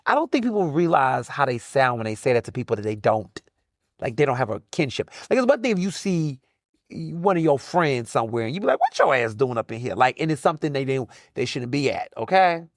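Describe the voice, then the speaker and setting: A man's voice: mid-range voice, dry recording. Guy doing a solo podcast, chatty and slangy, voice jumps all over, super dry close mic. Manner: animated, chatty, slangy, quick asides. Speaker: podcast host. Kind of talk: casual solo podcast monologue.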